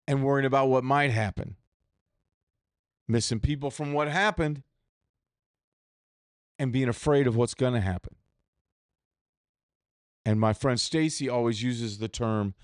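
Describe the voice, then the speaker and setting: A man's voice: medium pitch, a little slow, pauses often, smooth, dry recording, studio quality. Candid, profane man hosting a podcast. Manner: candid, profane, rambling with restarts. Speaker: podcast host. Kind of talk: solo reflective podcast monologue.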